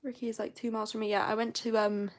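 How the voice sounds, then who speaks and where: A woman's voice: on the high side, level tone, fast. A young woman with a posh southern English accent, chatting casually and rambling as host of a live stream. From southern England.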